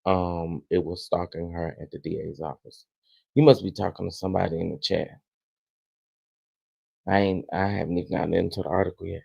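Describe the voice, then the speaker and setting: A man hosting a casual live stream, greeting chat viewers one by one and sounding irritated, with halting restarts. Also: sits low, fairly even intonation, creaky, darkish tone, husky, dry recording. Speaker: livestream host. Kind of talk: casual livestream commentary.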